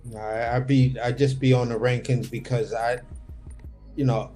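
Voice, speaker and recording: A man's voice: mid-range voice, flat delivery, normal speed, warm tone, soft background music. A man hosting a casual boxing talk over a remote livestream call, laid-back and rambling, swearing offhand. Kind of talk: casual chat.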